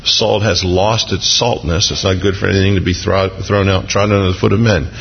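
A man preaching a sermon as pastor, animated and jumping into excited voices when he acts out quotes. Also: sits low, a little fast, gravelly, in a large hall, muffled recording, a little hiss or hum.

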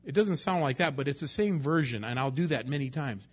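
A man's voice: medium pitch, expressive, a little fast, slightly rough, highs cut off. A man preaching a sermon in a conversational way, sometimes acting out the voices of people he quotes. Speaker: pastor.

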